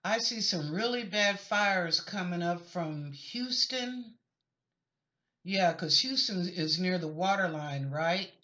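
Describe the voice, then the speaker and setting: A woman's voice: on the low side, lively intonation, slow, bright, forceful tone. A woman giving a chatty, rambling psychic reading in answer to viewers' questions, with apologetic asides. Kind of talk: casual spoken reading of questions. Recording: lo-fi dull recording.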